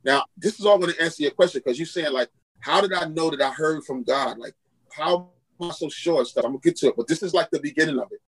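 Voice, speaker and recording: A man's voice: fairly high pitch, quick pace, husky, poor audio. A man, a pastor and podcast guest, telling a personal testimony and acting out the voices of the people in his story. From Queens, New York. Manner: animated storyteller acting out quoted dialogue.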